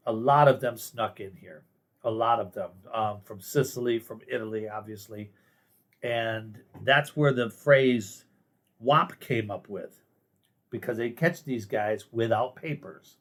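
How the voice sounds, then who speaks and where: A man's voice: mid-range voice, fairly bright tone. A man from the United States giving a blunt, sarcastic monologue of political commentary as the host of his own show. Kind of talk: casual opinion monologue.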